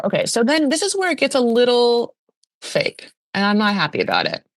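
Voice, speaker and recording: A woman hosting a podcast, recapping a reality show in a chatty, gossipy way with animated asides. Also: fairly high pitch, fairly quick, no room sound, clean studio sound. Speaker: podcast host. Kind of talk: casual pop-culture recap.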